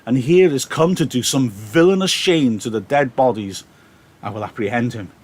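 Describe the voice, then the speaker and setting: A man's voice: mid-range voice, normal speed, natural voice. A man reading as an indignant young nobleman. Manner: theatrical verse reading. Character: proud young nobleman, angry and accusing.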